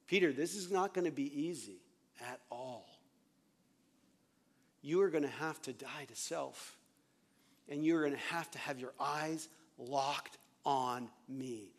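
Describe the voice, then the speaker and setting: A man preaching who voices Jesus as a calm teacher, repeating commands to follow him in an earnest, urging way. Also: a little high, takes it slowly, voice pushed down.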